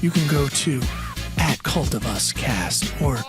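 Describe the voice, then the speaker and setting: A man's voice: expressive, over music, natural voice. A man playing a half-singing cult pope. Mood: solemn, preachy. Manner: slow, low, half-sung sermon tone. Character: solemn male cult-leader pope preaching self-help. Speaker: podcast host.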